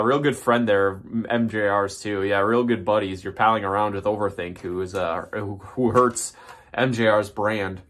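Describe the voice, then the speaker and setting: A man's voice: lowish voice, fairly bright tone. A man reading a list in a mocking, profane rant, with rambling asides and restarts. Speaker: commentary YouTuber. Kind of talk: ranting commentary.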